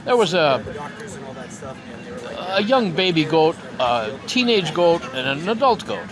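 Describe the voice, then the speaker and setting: A man's voice: on the high side, very animated, a little slow. A man telling a folk tale in a chatty, meandering way, talking straight to his listeners at a castle fair. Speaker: storyteller. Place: outdoors at a busy castle fair. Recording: outdoor crowd noise behind.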